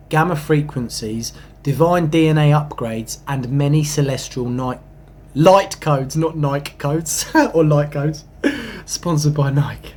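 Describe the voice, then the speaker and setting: Slightly high-voiced, a young spiritual channel host talks excitedly and ramblingly about spiritual topics, casually swearing as he shifts from quiet asides to forceful outbursts.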